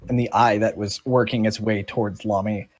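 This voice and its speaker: A man's voice: lowish voice, steady tone, moderate pace. A man narrating a tabletop game as game master in a loose, casual way.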